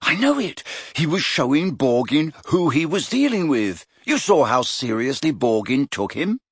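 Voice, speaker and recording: A man's voice: on the high side, very animated, unhurried, husky, dry recording, clean studio sound, pitched above the performer's own voice, exaggerated voice. A man voicing a stubborn teenage boy who presses his point earnestly and insistently.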